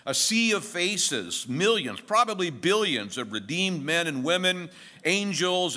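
A man's voice: on the high side, sharp tone. A middle-aged male pastor giving an expository sermon in a conversational way, mixing jokes and stories into the teaching.

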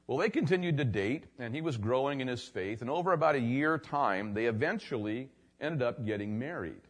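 A man's voice: medium pitch, animated, a little fast. A male pastor telling a story in a sermon, chatty and conversational with lots of fillers. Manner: conversational, filler-heavy, tells anecdotes.

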